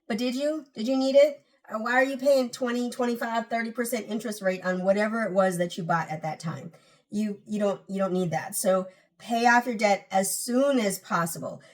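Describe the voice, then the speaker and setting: A woman's voice: mid-range voice, moderate pace, far from the mic. A woman hosting a personal finance channel, giving casual, emphatic advice straight to her viewers and repeating key points.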